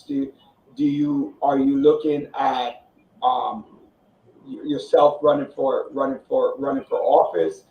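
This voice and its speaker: Hesitant male radio host, roomy sound. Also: mid-range voice. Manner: hesitant, many fillers and restarts. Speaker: radio talk show host. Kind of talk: radio interview. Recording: roomy, dull broadcast sound.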